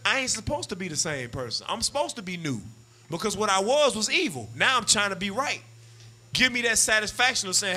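A man preaching a street-style sermon, animated and slangy, acting out what husbands and wives say. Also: high-pitched, fast talker.

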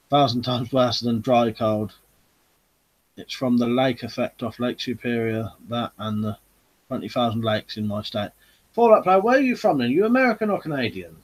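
Male stream host, husky, relaxed chatty delivery, reads and answers comments. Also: medium pitch. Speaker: host of a live chat stream. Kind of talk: casual live-stream chat.

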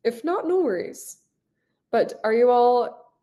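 A woman's voice: a little high, animated, slow pace, mellow. A woman teaching a live online English class, upbeat and encouraging as she talks to her students.

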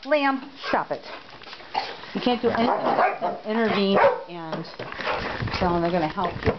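A woman's voice: medium pitch, animated, moderate pace. A woman caring for foster dogs at home, narrating a home video and coaxing the dogs along in a sing-song voice. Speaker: dog foster caretaker. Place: home, in and out of doors. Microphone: handheld camera. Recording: dull lo-fi camera audio with loud noise.

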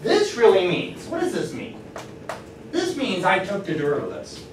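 A man's voice: high voice, moderate pace. Encouraging male math teacher, distant and roomy. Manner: lively, encouraging, asks the class questions. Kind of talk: classroom lecture. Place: classroom. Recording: roomy classroom from far off, faint noise.

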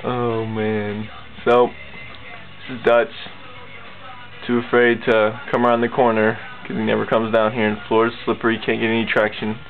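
A woman at home coaxing her nervous dog across a slippery floor, with high sing-song encouragement and lots of repetition. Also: level tone, normal speed. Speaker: dog owner filming her pet. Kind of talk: casual home video, coaxing a pet. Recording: tinny lo-fi phone-like audio with loud music.

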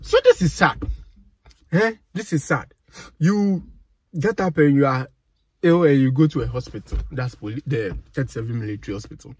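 Husky-voiced Ghanaian man ranting. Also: medium pitch, normal speed, a little mellow. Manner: exasperated, indignant, mixes Pidgin and Twi. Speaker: vlogger. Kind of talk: ranting commentary.

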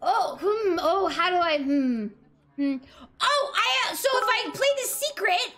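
A woman streaming a card game, reacting excitedly, swearing and talking to her chat. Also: very high voice, a little slow. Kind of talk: live gameplay commentary.

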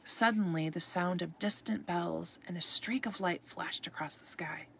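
Gravelly, low-voiced woman reading a story. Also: normal speed, slight background noise. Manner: expressive read-aloud, occasional stumbles. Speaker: storybook reader. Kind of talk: reading a ghost story aloud.

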